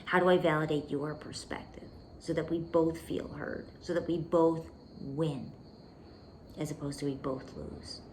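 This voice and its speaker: Low-voiced woman podcast host coaching intimately. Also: fairly even intonation, measured pace, noisy background. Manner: intimate, emphatic, calls listener "baby", drops to whispers. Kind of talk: relationship coaching monologue.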